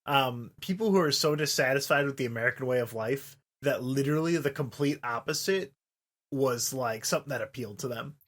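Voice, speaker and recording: A man's voice: medium pitch, a little fast, a bit bright. A man co-hosting a podcast, chiming in with dry, wry remarks during casual chat. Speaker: podcast co-host.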